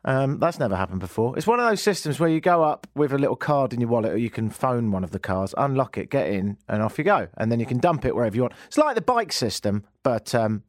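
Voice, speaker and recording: A man hosting a radio show, telling a joking story in an animated way from a studio. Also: mid-range voice, quick pace, hardly any pauses, no echo. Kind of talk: comic radio monologue.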